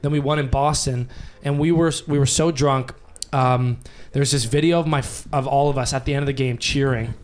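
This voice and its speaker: A young man telling rambling, animated stories on a casual podcast mic. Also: mid-range voice, fairly quick. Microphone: podcast microphone.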